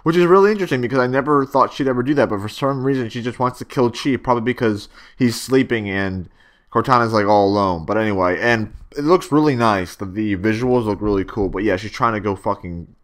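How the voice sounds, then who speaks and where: A man's voice: on the low side, fairly quick. Rambling young man reviewing, lots of swearing. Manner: rambling, swears a lot, many fillers and restarts. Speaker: video reviewer. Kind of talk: casual spoken review.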